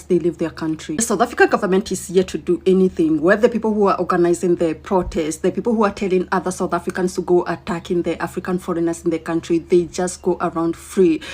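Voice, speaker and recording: A woman's voice: on the low side, darkish tone, husky. A Nigerian woman giving indignant, emphatic news commentary.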